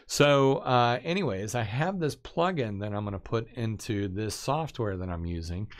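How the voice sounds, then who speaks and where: A man's voice: lowish voice, moderate pace. A man with a nasal voice chatting casually on a live stream, rambling with many restarts. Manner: rambling, restarts often, excitable.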